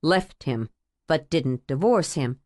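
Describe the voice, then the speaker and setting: A woman voicing an earnest, tender man in love who speaks quietly and steadily, in a romance audiobook. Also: takes it slowly, dry recording, clean studio sound. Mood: shocked. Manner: quiet, steady, low-voiced. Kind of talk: audiobook character voice.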